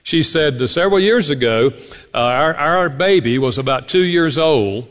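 A man's voice: fairly high pitch, normal speed. A man preaching a sermon to a congregation, telling stories and addressing the listeners directly. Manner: storytelling preacher, animated, addresses congregation as folks. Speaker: pastor. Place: church sanctuary. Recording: long hall reverb.

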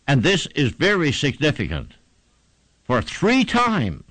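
A man's voice: on the high side, fairly bright tone, no room sound, rough recording. A man preaching a sermon, fervent and emphatic, building repeated phrases to a climax.

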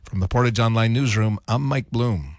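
A male radio news reporter reading a scripted story in a plain, even manner. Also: medium pitch, normal speed, dry recording, clean studio sound.

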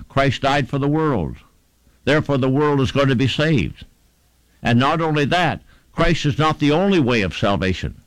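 A man's voice: medium pitch, dry recording, poor audio. A man preaching a sermon, quoting scripture with fervent, emphatic repetitions.

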